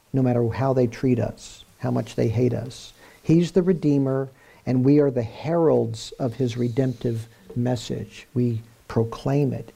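A man's voice: medium pitch, gravelly, warm tone, husky. A man preaching a sermon in an earnest way, repeating key phrases for emphasis.

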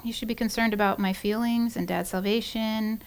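A woman voicing a grown daughter who answers her mother steadily and earnestly, in a quiet voice. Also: a little high, fairly even intonation, moderate pace, smooth, close to an everyday voice. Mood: firm. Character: calm principled grown daughter.

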